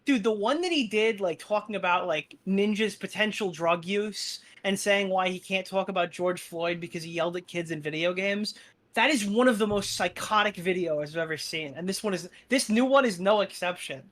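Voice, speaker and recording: A man's voice: high-pitched, moderate pace, a bit bright. A man chatting as a guest on an online stream, telling stories in a loose, incredulous way. He swears often and leans on filler words. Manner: profane, incredulous, filler-heavy storytelling. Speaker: guest commentator. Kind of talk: casual podcast chat.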